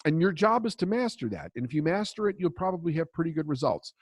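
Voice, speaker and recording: A man's voice: a little high, big pitch swings, quick pace, breathy edge, no echo. A man coaching on mindset in a podcast interview, telling a story in a blunt, emphatic way and swearing freely.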